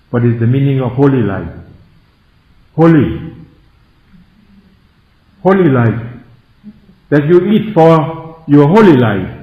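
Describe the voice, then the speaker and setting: A Buddhist monk from Thailand with a Thai accent, giving a Dhamma talk in simple broken English and often asking the listeners if they follow. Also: male voice, a little high, a little mellow. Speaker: Buddhist monk teaching meditators. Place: meditation centre hall. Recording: echoey, dull lo-fi room recording.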